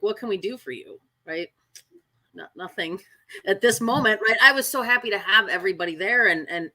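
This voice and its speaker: A woman dog trainer talking candidly in casual chat, often tagging her sentences with "right?" and filling pauses with "um". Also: medium pitch, sharp tone. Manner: candid, frequent fillers and "right?" tags.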